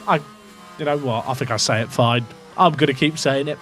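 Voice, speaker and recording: A man's voice: fairly high pitch, fairly quick, fairly bright tone, soft background music. An English man, a gaming streamer, talking through his racing-management game to chat in a rambling, self-questioning way, with the odd swear word. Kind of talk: casual game commentary to chat.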